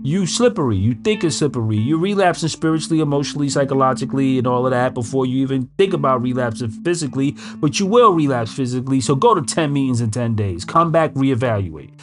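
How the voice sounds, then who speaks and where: A man's voice: medium pitch, expressive, fast talker, few pauses. A man giving blunt, emphatic recovery advice in casual street slang. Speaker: recovery speaker. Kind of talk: casual motivational talk. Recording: music in background. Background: guitar music.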